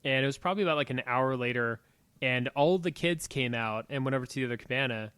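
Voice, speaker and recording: A man in his thirties, a podcast co-host, telling a story in animated, casual chat with a lot of swearing. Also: medium pitch, fast talker, clean tone, no echo.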